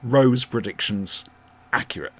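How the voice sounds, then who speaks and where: A man's voice: mid-range voice, unhurried, a bit bright, slight background noise. A man hosting a podcast, chatting casually with playful, pedantic asides. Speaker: podcast host. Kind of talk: casual chat.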